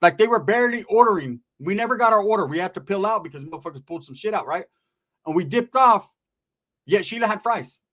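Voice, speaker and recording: A man spinning a profane comic story, casual and animated. His voice sits high and swings widely in pitch as he jumps between scenes. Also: fast. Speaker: stand-up storyteller. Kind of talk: comedic storytelling.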